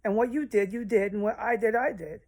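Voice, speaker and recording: A woman's voice: a little high, a little fast, darkish tone. A woman talking straight to her viewers in a rambling personal monologue, emotional and swearing often. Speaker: vlogger.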